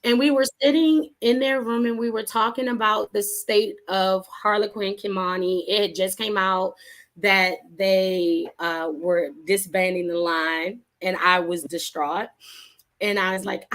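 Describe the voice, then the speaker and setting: A woman author and interview guest, telling her story in a casual, animated way, acting out the voices of people she quotes and laughing often. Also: mid-range voice.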